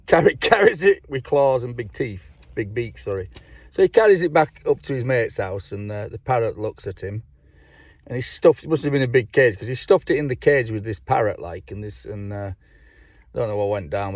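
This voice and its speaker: A man's voice: lowish voice, a little mellow, dry recording, studio quality. Rambling, swearing man. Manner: rambling, swears a lot, laughs at his own jokes. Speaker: vlogger. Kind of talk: casual joke-telling to camera.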